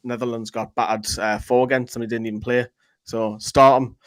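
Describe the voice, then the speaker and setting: Chatty, rambling male co-host reading viewer comments, dry close sound, mid pitch. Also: flat delivery, no room sound, rough recording. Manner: chatty, rambling, quick to joke. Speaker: fan channel co-host.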